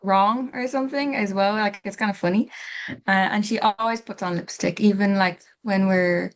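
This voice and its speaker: A woman's voice: medium pitch, steady tone, normal speed. A woman taking part in a workshop over a video call, sharing in a chatty, giggly, rambling way. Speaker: workshop participant. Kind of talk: casual sharing in a group.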